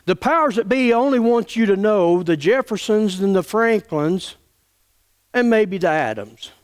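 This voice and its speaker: A man's voice: high-pitched, animated, measured pace, clean tone. A man preaching an earnest, impassioned sermon as a pastor in a church.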